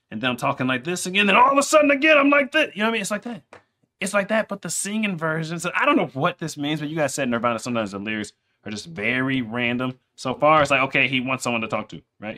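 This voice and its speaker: A man giving casual, rambling reaction commentary on a song, talking it through as he listens. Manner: chatty, rambling, animated pitch jumps. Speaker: music reaction streamer.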